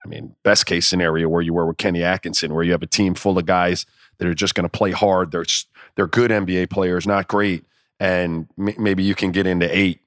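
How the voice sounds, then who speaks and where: A man co-hosting a casual sports podcast, talking in animated, profane riffs and acting out imagined inner dialogue. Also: deep voice, a little fast, dry recording, clean studio sound. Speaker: podcast co-host.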